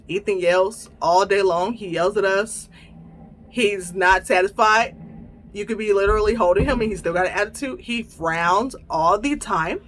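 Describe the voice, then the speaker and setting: In a mid-range voice, a female podcast host shares a personal anecdote with her audience. She keeps it casual and lively, laughing as she talks and performing the things she said.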